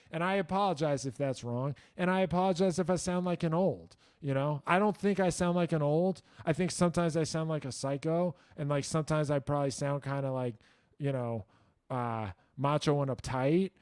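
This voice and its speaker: Rambling, self-mocking man with a warm voice. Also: on the high side, clear, resonant tone, no room sound, clean studio sound. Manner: rambling, self-deprecating, lots of likes and you-knows; blunt, profane asides. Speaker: host answering viewer questions. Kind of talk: casual livestream Q&A.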